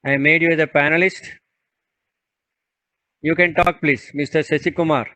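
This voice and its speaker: Bright-voiced man moderating a video call. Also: on the high side, steady tone, unhurried, dry recording. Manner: repeats calls and requests patiently. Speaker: webinar moderator. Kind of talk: moderating an online session. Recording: dull, muffled video call audio.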